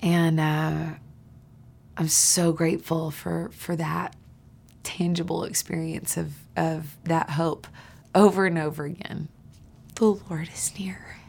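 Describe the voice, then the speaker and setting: Woman guest, lowish and gravelly, earnest and confiding, slips into whispers. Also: level tone, slow. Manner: earnest, drops to a soft whisper for emphasis. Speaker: podcast guest. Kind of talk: heartfelt conversational sharing.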